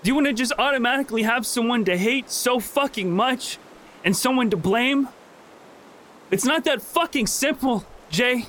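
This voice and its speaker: A man voicing a furious, grieving woman ship captain who shouts raw and bitter, with faint hiss behind. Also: very high-pitched, moderate pace, pitched above the performer's own voice. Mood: furious, anguished.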